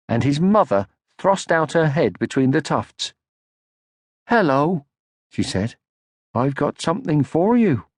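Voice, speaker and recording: A man narrates a children's story with an expressive, gently paced delivery. His pitch moves a lot. The close, dry studio sound has no room in it. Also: no room sound. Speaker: audiobook narrator. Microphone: close studio mic.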